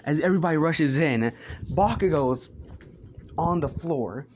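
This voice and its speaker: A man's voice: fairly high pitch, animated, unhurried, a little mellow, a little hiss or hum. A young man improvising a crude fan story, rambling, swearing and stumbling over names.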